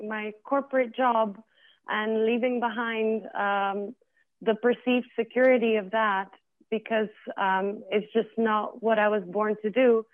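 A woman caller on a radio show, speaking emotionally and gratefully, with hesitant pauses. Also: on the high side, dry recording. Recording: tinny phone line.

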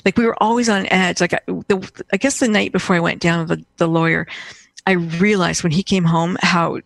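A woman's voice: fairly low pitch, steady tone, a little fast, vocal fry, no room sound. A middle-aged woman, a guest in conversation, telling a personal story in a rambling way with many restarts and fillers.

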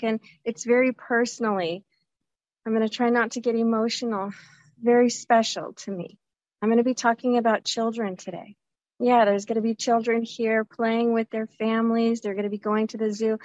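A woman in her forties talks openly and with energy as the host of her own show, recorded outdoors. Her voice sits a little high for a woman. The sound is dry and dull, like a lo-fi recording. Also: no echo. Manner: candid, animated, jumps into voices of remembered people. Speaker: podcast host. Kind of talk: casual personal monologue. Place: outdoors at a zoo by a lake.

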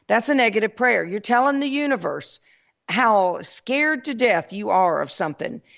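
Gravelly Southern woman giving a spiritual talk. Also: fairly high pitch, lively intonation, normal speed, fairly bright tone. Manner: folksy, addresses listeners as y'all. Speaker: host. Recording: dull lo-fi recording.

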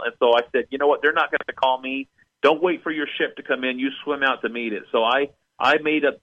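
A man's voice: medium pitch, lo-fi sound. A man telling a long personal story as a guest in an interview, acting out the people he quotes. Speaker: guest musician.

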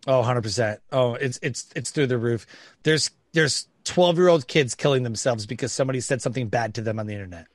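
A man's voice: mid-range voice, fairly quick, no room sound. A middle-aged man from Detroit, talking bluntly and emphatically in a casual conversation, acting out what others said. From Detroit, Michigan. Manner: blunt, emphatic, acts out quoted voices. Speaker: podcast guest.

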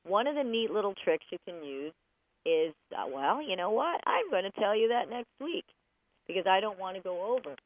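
Woman radio host, chatty and animated with jokes; mid-pitched, tinny, dry broadcast sound. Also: normal speed. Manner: chatty, animated, jokey, acts out voices. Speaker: radio show host and dog trainer. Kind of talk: casual radio talk show advice.

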